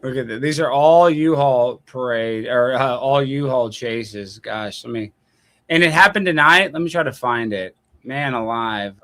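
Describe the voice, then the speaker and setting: A man's voice: medium pitch, measured pace. A man hosting a late-night call-in live stream, ranting sarcastically and thinking aloud as he takes callers. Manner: animated, sarcastic ranting, thinking aloud while searching online. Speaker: call-in show host. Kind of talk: casual live-stream talk.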